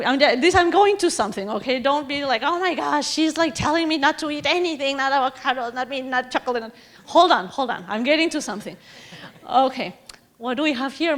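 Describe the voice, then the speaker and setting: Woman, Mexican accent, fairly high voice, lively self-correcting lecture talk. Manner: chatty, animated, self-correcting. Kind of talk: public lecture on food and environment.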